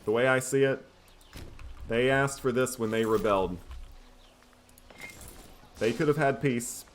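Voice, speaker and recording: A man casually commentating his own strategy game playthrough in a relaxed, wry, self-mocking way. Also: medium pitch, a little slow, a little hiss or hum. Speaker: gameplay commentator. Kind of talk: casual let's-play commentary.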